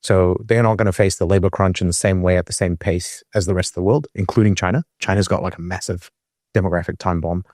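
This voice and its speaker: Deep-voiced New man chatting. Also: fairly even intonation, fast talker, a little mellow, dry recording, clean studio sound. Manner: rambling, hesitant, many restarts and fillers. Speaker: podcast co-host. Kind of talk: casual chat.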